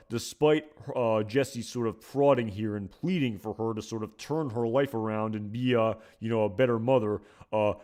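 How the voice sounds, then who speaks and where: Rambling, hesitant low-voiced man. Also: a little mellow. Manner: rambling, hesitant, full of fillers. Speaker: video commentator. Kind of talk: casual episode commentary.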